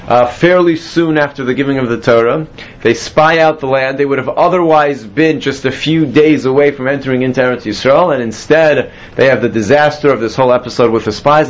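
A man's voice: mid-range voice, highs cut off. A man teaching a classroom Bible lesson, explaining step by step and quizzing his students. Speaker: Torah teacher.

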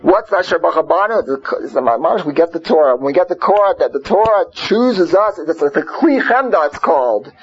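A man's voice: fairly high pitch, expressive, brisk, hardly any pauses, slightly rough. A man teaching an informal Torah class, talking conversationally, peppering his points with rhetorical questions and Hebrew and Yiddish terms. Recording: muffled lo-fi recording.

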